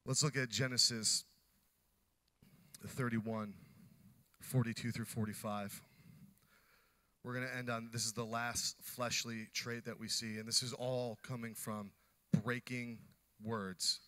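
A man preaching a sermon, animated, acting out the scripture characters as he teaches. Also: mid-range voice, unhurried, long pauses. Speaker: pastor.

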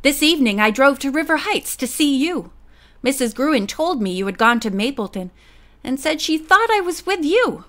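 A woman's voice: high voice, sing-song, moderate pace, fairly bright tone, voice pushed up. A woman voicing a friendly young college man explaining in an easygoing way.

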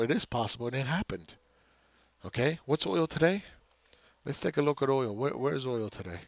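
A man's voice: mid-range voice, lively intonation, normal speed, no room sound, muffled recording. A man ranting as a market commentator, sarcastic and profane, who often repeats words and restarts his phrases.

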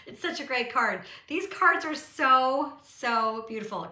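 A middle-aged woman art teacher chats live from her studio, her voice very bright and ringing. She gushes warmly and encouragingly at her viewers, with lots of ums along the way. The room adds a noticeable echo. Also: high voice, lively intonation, measured pace, hardly any pauses. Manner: warm, gushing, encouraging; chatty with frequent fillers. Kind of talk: casual live-stream chat.

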